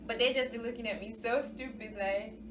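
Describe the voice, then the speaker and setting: A woman's voice: on the high side, fairly even intonation. A woman, co-hosting a casual chat in a playful, laughing way. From Jamaica. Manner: laughing, playful, drawn-out phrasing. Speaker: co-host. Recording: echoey room from a distance, background hiss.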